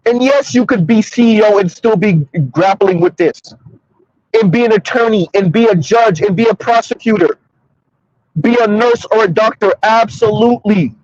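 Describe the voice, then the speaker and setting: A commentary streamer in his thirties speaks straight to his audience in a sassy, preachy monologue. His voice is high-pitched and darkish, delivered at a moderate pace. The recording has no room sound and a dull, lo-fi quality.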